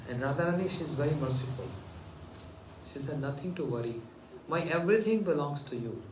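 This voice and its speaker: A man from India giving a devotional talk, telling a story gently and earnestly and voicing the people in it. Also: a little high, lively intonation, a little fast, noisy background. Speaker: spiritual teacher. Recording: echoey room, mic at a distance.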